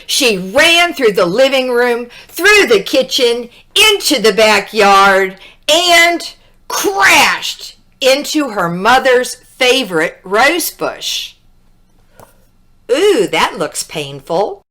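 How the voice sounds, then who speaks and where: Slow, lively woman reading a kids' story. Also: on the high side. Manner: expressive, drawn-out storytelling with asides. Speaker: read-aloud storyteller. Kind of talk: children's storybook read-aloud.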